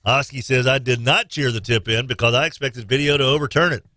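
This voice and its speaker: A man hosts a casual sports talk radio show, excitable as he reads listener texts and leaps into high, shouted impressions. He talks fairly quickly, and the recording is dry.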